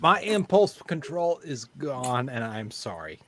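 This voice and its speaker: A man's voice: medium pitch, sing-song, unhurried, background noise. A man joking and flirting in a casual live stream chat, silly and swearing.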